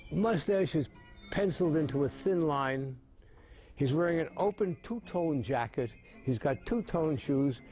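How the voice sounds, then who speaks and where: A man in his seventies explaining mime and telling jokes with lively storytelling, his voice rising high as the stories build. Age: 70s. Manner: animated storytelling with big pitch jumps.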